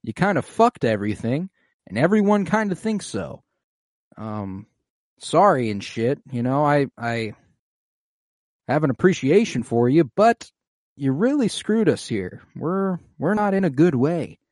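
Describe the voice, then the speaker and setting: A man playing a tired, blunt young woman who swears freely and states hard things plainly. The voice sits only a little above his usual pitch, in a dry, close sound. It comes across as a loose paraphrase inside casual chat. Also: big pitch swings, measured pace, darkish tone, no room sound. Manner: profane, matter-of-fact.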